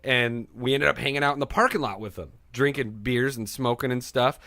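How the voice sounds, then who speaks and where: A man's voice: medium pitch, fairly quick, pushed and bright, no echo. A man, a podcast co-host, telling a long, profane bar story in casual chat, full of fillers. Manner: profane, rambling, lots of fillers. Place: studio room.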